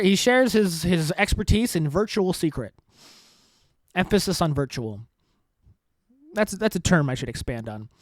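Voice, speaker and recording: A man's voice: high-pitched, no echo. A man hosting a podcast, rambling through political commentary in a profane, sarcastic way and laughing often. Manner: profane, sarcastic, laughs often, puts on mocking voices in quotes. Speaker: podcast host.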